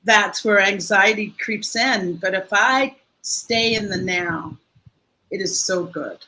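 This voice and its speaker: In a poorly recorded interview, an older female guest speaks slowly in a mid-range voice. She tells a heartfelt story in a lively, expressive, conversational way.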